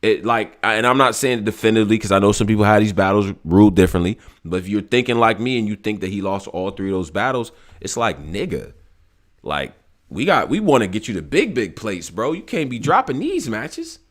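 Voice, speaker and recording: This man hosts a casual group podcast. His pitch swings widely as he makes his points, and he turns loud and emphatic when he addresses someone directly. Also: sing-song, a little fast. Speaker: podcast host.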